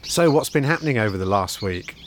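A man hosting a podcast from his bookshop, reading out shop news and introducing a guest in a measured way. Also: medium pitch, animated, slight background noise. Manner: measured, read-out announcements. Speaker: podcast host, bookshop owner.

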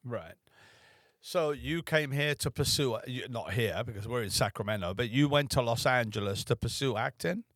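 A man's voice: medium pitch, lively intonation, moderate pace, fairly bright tone. Man asking conversational interview questions. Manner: conversational questions with short acknowledgments. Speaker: podcast host.

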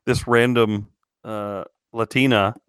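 A man hosting a podcast in casual comedic chat. His voice sits somewhat low and he keeps laughing. The sound is dry and close-miked. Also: steady tone, fairly bright tone, clean tone, dry recording. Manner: laughing, mock-serious, halting restarts. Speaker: podcast host.

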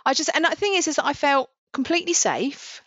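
A woman co-hosting a casual chat podcast, friendly and steering the talk with quick agreement. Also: high voice, expressive, a bit bright, no echo, lo-fi sound. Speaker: podcast co-host.

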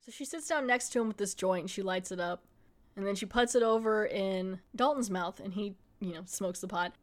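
A woman hosting a podcast, retelling an episode in a casual, animated way and acting out the characters' lines. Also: mid-range voice, brisk, slight background noise. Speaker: podcast host.

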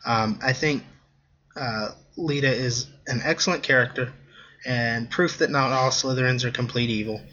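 A man's voice: mid-range voice, fairly even intonation, normal speed, bright, forceful tone, muffled recording. A man co-hosting a casual film review podcast, talking in a chatty, hesitant way with many ums and restarts. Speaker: podcast co-host.

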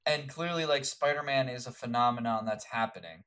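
A young man co-hosting a casual movie chat, relaxed and musing, often restarting his thoughts. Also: mid-range voice, a little fast.

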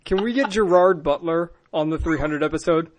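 A man's voice: fairly high pitch, normal speed. A man hosting a podcast in casual chat, teasing his co-hosts with wry quips. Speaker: podcast host.

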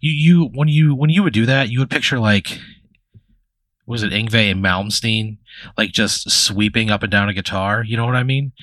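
A man's voice: on the low side, moderate pace, a bit bright, dry recording. A man hosting a comedy podcast, improvising a long hypothetical story in a rambling, profane way full of fillers and restarts.

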